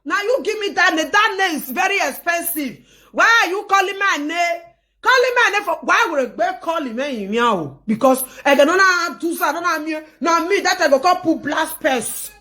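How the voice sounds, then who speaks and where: A woman with a Nigerian accent hosting a live-stream gossip show, talking in an animated, emphatic way and often raising her voice. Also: very high-pitched, brisk.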